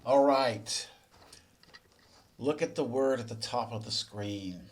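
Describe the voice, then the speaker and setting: A man teaching English. He asks the viewer quiz questions, then explains the answers in a relaxed, conversational way. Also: medium pitch, takes it slowly. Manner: relaxed and conversational, with small restarts. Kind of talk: explanatory lesson narration.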